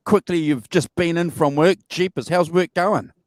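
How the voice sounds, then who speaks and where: Male host, playful and lively, higher register, dry close sound. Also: moderate pace, no room sound. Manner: jokey, animated, laughs often. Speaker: show host. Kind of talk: casual livestream chat.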